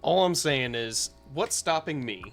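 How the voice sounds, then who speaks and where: A man's voice: on the high side, animated, a little slow, faint music behind. A man co-hosting a casual podcast chat, chatty and joking, telling stories. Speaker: podcast co-host.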